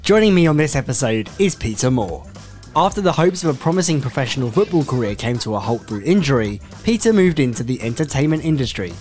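A man's voice: medium pitch, darkish tone. A man hosting a podcast, giving a polished introduction and asking questions. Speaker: podcast host. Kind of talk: scripted introduction and interview questions.

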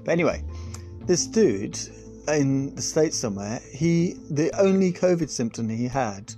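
A man's voice: mid-range voice, animated, unhurried, dark tone, soft background music. A man hosting a podcast, delivering a sarcastic, sweary comic monologue on politics, full of rambling asides. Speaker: podcast host.

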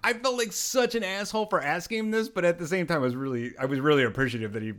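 A man hosting a podcast, telling animated stories in casual chat and laughing often. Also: fairly high pitch, fast talker. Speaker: podcast host.

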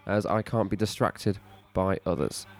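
A man's voice: low voice, a little slow. A young man hosting a comedy podcast, doing a running, easily amused play-by-play of a football match. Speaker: podcast host, football commentator. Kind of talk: comic mock football commentary.

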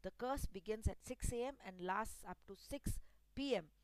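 A woman's voice: mid-range voice, moderate pace, clear, resonant tone, no echo, natural voice, poor audio. A woman voicing a thousand-year-old genie. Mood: explaining. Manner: commanding, stern. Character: ancient male genie, once aggressive, gruff.

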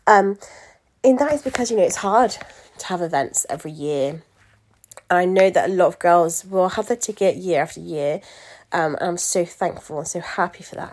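A woman's voice: fairly low pitch, a little mellow. A young woman, a pageant coach, talking candidly to her followers in a casual, chatty monologue full of fillers and asides. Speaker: pageant coach and event organiser.

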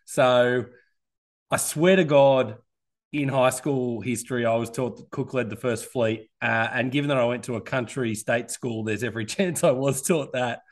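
A man's voice: mid-range voice, normal speed. An Australian man in his thirties hosting a podcast, chatty and self-deprecating. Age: 30s. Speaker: podcast host. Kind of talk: casual podcast chat.

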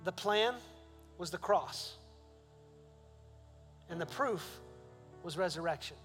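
A male pastor preaching a sermon. He builds to emphatic questions and eases into a soft prayer. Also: high-pitched, lively intonation, slow pace, long reverb tail, soft background music.

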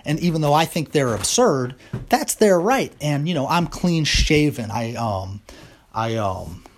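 A man's voice: a little high, lively intonation, unhurried, a little hiss or hum. Man rambling through his opinions. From United States. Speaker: vlogger. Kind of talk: casual opinion monologue.

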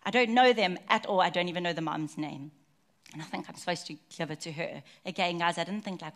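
A woman's voice: fairly low pitch, animated, fairly quick. A woman, preaching a sermon in a chatty, personal way and telling stories with many asides.

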